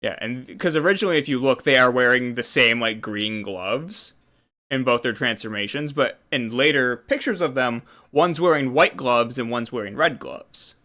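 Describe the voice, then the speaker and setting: A man's voice: mid-range voice, moderate pace, pushed and bright. A man hosting a casual chat, rambling as he explains trivia. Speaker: host.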